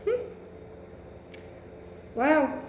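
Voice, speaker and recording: A woman's voice: drawn-out words, a little mellow, reverberant, dull audio, a little hiss or hum. A woman giving a casual tarot reading, blunt and emphatic, swearing freely and musing aloud. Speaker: tarot reader.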